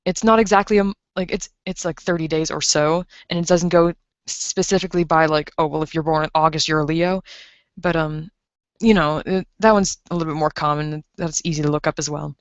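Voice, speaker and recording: A woman's voice: deep voice, steady tone, fairly quick, no room sound. Rambling young woman, dull lo-fi mic. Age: 20s. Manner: rambling, filler-heavy, reads chat aloud. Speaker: livestreamer. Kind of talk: casual stream chat.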